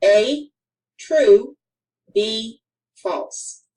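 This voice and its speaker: A woman reading a grammar lesson for children aloud, in a careful, deliberate way with clear pauses. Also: on the high side, dark tone, far from the mic, rough recording. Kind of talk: slow scripted instructional narration.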